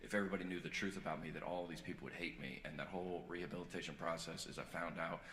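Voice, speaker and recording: A man's voice: sits low, fairly even intonation, very fast, a bit bright. A man doing a stand-up comedy set, rambling and self-deprecating, with frequent restarts. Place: large hall with live audience. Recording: echoey hall with crowd noise.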